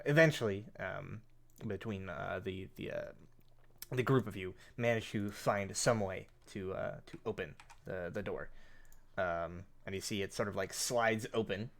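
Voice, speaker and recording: Man, game master, lowish voice, hesitant, filler-heavy narration. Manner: hesitant, many fillers and restarts.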